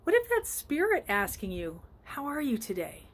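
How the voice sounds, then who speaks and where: Woman life coach, casual outdoor phone vlog, earnest and chatty, slightly high pitch. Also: wildly swooping pitch, normal speed, husky. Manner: earnest, conversational, with frequent ums. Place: outdoors by a flowering tree.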